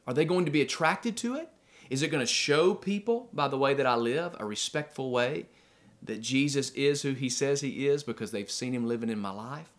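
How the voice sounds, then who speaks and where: A man preaching a sermon as pastor to his church, firing off rhetorical questions, slowing down to stress key phrases, and telling personal stories. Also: on the high side, a bit bright. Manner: conversational asides and personal stories.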